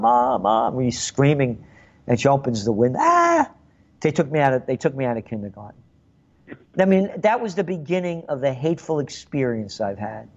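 A man's voice: mid-range voice, darkish tone, muffled recording. An older man hosting a call-in radio show, rambling and sarcastic, often repeating words. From the Bronx, New York. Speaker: radio talk show host.

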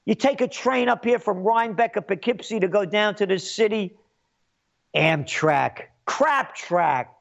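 A scornful man delivers a mocking political rant in a high-pitched voice. His tone swings widely as he jeers. The recording sounds muffled and lo-fi. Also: animated, a little slow, creaky. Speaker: political commentator. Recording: dull lo-fi recording.

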